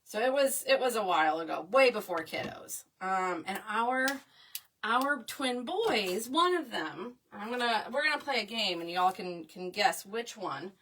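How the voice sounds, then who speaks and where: A woman's voice: mid-range voice, lively intonation, a little slow, a bit bright, a little hiss or hum. A woman, telling a chatty story to viewers while she makes a craft piece. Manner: chatty, addresses viewers as y'all, frequent "okay?". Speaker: craft video host. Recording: voice a bit far from the mic.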